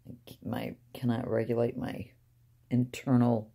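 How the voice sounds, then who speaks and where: An older woman talking casually to her viewers from inside a car, soft-spoken and halting, trailing off with sighs. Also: extremely low pitch, little pitch movement, creaky. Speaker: vlogger. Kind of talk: rambling casual talk to camera.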